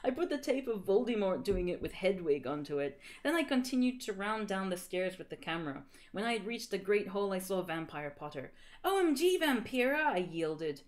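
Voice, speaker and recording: Giggly woman streamer, lively pitch. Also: normal speed, few pauses. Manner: giggly, melodramatic, stumbling over misspelled words. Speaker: streamer host. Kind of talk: reading fan fiction aloud on a livestream.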